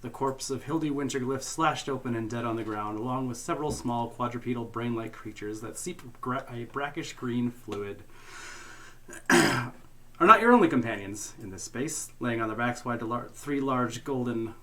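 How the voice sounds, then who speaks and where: A man narrating and hosting a tabletop game as game master, relaxed and jokey, often laughing. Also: medium pitch, normal speed.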